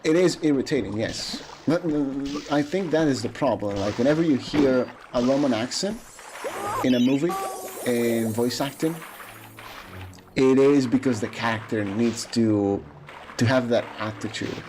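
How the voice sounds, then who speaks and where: A man's voice: medium pitch, normal speed, a little mellow, a little hiss or hum. A man from Italy with an Italian accent, chatting casually and opinionatedly while streaming a speedrun, often restarting his sentences. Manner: musing, opinionated, hesitant with restarts. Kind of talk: casual chat while gaming. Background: game music.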